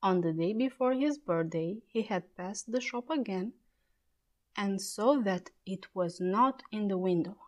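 A woman reading a children's story aloud in a clear, measured way. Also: mid-range voice, darkish tone.

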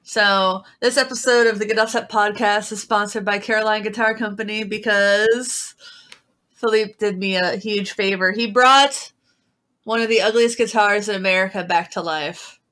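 A woman's voice: medium pitch, fairly even intonation, normal speed, a bit bright. A woman co-hosting a casual music podcast, talking wryly and reading a sponsor spot. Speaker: podcast co-host. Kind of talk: casual chat.

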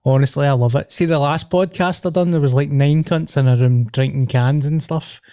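A man's voice: a little high, moderate pace, dark tone, smooth, no echo, clean studio sound. A young man with a Glaswegian accent hosting a casual podcast, rambling and swearing as he chats. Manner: swearing, laughing, rambling banter. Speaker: podcast host.

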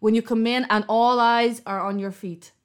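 Woman, casual podcast chat, lively storyteller, puts on voices. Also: a little high, normal speed, smooth. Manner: animated storyteller, acts out voices with loud laughter. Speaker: podcast co-host.

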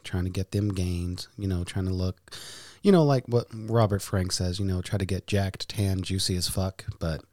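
A man's voice: deep voice, moderate pace, few pauses, a little mellow. A man hosting a casual podcast, playful, with hammy announcer-style flourishes. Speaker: podcast host.

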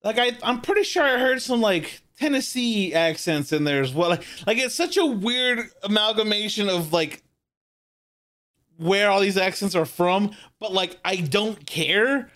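A man with a high voice rambles through casual talk, animated and full of restarts. His delivery jumps around as he builds his point. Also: a little slow. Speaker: podcast co-host. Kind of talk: casual chat.

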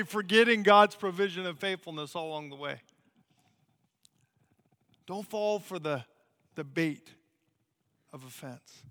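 Animated American man preaching in a hall. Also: sits high, a little slow, long pauses. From United States. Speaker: missionary preacher. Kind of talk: sermon.

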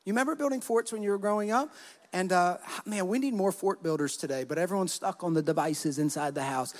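A man preaching as a pastor, telling stories in an animated way and acting out the quotes. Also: sits high, quick pace, long reverb tail. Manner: animated storytelling, acts out quotes. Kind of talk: sermon with personal stories.

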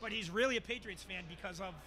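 A man who is a guest, trading quick jokes in casual banter at a bar. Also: high-pitched, a crowd in the background. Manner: joking, quick-talking. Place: busy bar.

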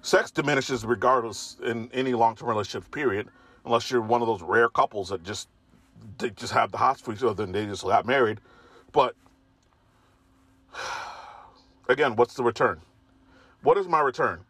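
A young man giving a profane, emphatic ranting monologue, his voice jumping up in pitch when he gets worked up. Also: normal speed, pauses often, fairly bright tone, breathy edge, no room sound. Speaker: commentator.

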